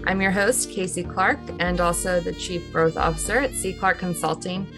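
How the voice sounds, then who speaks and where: A woman's voice: on the low side, normal speed. Woman podcast host over music. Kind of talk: podcast interview.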